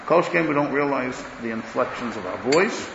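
Guy teaching a torah class, loud then muttering, dull echoey recording, faint hum behind. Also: medium pitch, animated, brisk, creaky. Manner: emphatic, swings between loud declarations and muttered asides; talks loudly, says he is hard of hearing. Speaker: rabbi giving a Torah class. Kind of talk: Torah lecture.

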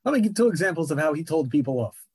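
Earnest high-voiced man teaching Torah. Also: big pitch swings, racing, a little mellow, breathy edge, no echo. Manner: earnest, repeats phrases for emphasis. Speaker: rabbi teaching a class. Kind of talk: Torah lecture.

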